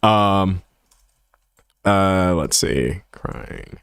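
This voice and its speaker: Animated and at a moderate pace, a medium-pitched man rambles and laughs through a casual livestream rant, restarting often as he talks into a streaming mic at home. The sound is studio quality with no echo.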